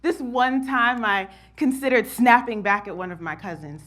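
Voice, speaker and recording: A woman's voice: a little high, moderate pace, a bit bright. A woman from New Jersey performing a spoken-word monologue, telling her story expressively and laughing often. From New Jersey, USA.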